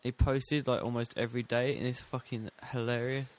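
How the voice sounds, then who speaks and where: A young man trading swear-laden jokes on a podcast, his voice sitting at an ordinary middle pitch. The talk is loose and casual, full of teasing asides. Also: flat delivery, fairly quick. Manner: sweary, joking banter. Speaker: podcast co-host. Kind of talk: casual chat.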